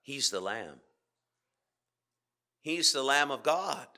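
Using rhetorical questions and dramatic pauses, a man with an animated, medium-pitched voice preaches in church, alternating forceful emphasis with quiet asides.

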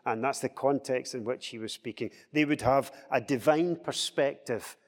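A man leading a Bible study discussion, explaining scripture with lively acted-out quotes. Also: medium pitch, normal speed, in a large hall. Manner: animated, acts out quoted speech in a raised voice.

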